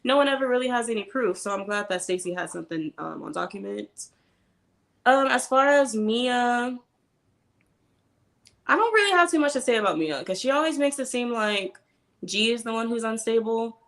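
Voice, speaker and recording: Woman with a gravelly voice, giving opinions. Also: on the high side, expressive, normal speed, a bit bright. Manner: candid, opinionated. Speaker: panelist. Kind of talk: casual commentary.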